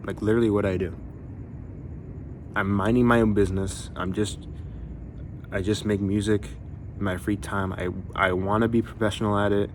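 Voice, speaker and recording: Exasperated rambling low-voiced man. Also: fairly even intonation, normal speed, pauses often, a little hiss or hum. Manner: rambling, exasperated, heavy swearing and fillers. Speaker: musician vlogger. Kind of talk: frustrated venting to camera.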